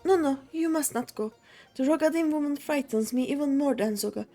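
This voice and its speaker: Girl doing a jittery little kobold guy, high and squeaky, piles up three words at a time, frets about everything, game music faint in the back. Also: brisk, dark tone. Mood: fearful. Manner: frantic, repeats words in threes. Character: timid fretful male kobold, small.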